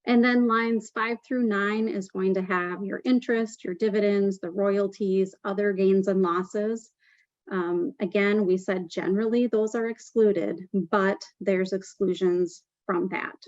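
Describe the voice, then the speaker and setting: A woman's voice: mid-range voice, steady tone, a little slow, darkish tone, no room sound, muffled recording. A woman presenting a tax webinar, explaining step by step with frequent "um" fillers.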